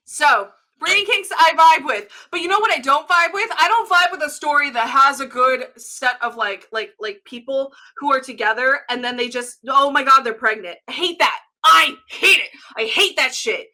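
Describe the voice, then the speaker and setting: A woman giving a profane, excitable comedic rant as a guest on an improv show. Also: sits high. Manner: profane, excitable, fast-swinging delivery.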